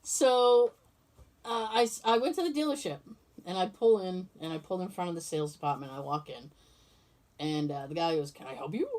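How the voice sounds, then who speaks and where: Speaking fairly quickly in a lowish, slightly mellow voice, a woman tells a story on her podcast. She performs both parts of the dialogue in a relaxed, chatty way, swearing without restraint.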